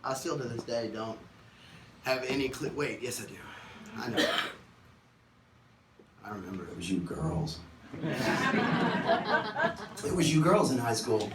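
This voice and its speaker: Between songs at a concert, a man tells funny stories on stage, joking animatedly and acting out voices. His mid-range voice is a little slow with long pauses, captured from a distance in an echoey live room with heavy background noise.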